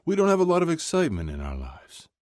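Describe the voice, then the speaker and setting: A man's voice: fairly high pitch, huge pitch swings, fast, darkish tone, dry recording, clean studio sound, pitched above the performer's own voice. Give me a fond middle-aged father who teases his son in a sing-song voice, as a man puts him on. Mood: fond teasing.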